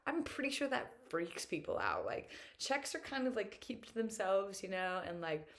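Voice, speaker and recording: A young woman speaks in a loose, rambling monologue, her pitch sitting in an ordinary middle range. She sounds upbeat and talkative, sprinkling fillers through every thought. There is an earnest, openly emotional streak under the cheer. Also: big pitch swings, moderate pace, fairly bright tone. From United States. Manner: chatty and upbeat, full of "like" fillers. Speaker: vlogger. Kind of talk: casual reflective monologue.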